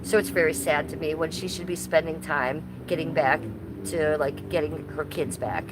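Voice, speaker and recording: A woman's voice: sits low, moderate pace, very noisy. Blunt, ranting woman live streamer. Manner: blunt, profane, ranting, answers chat. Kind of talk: casual live-stream commentary.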